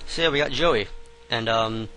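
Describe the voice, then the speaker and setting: A man's voice: mid-range voice, moderate pace, sharp tone, faint music behind, poor audio. A young man giving casual, rambling let's-play commentary, hesitant and chatty.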